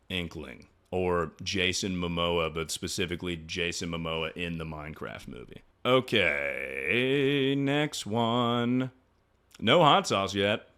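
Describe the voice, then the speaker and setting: A man's voice: sits low, takes it slowly, sharp tone, smooth. A young man streaming, answering chat questions in crude, joking banter with frequent laughs and trailing restarts. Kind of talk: casual livestream chat.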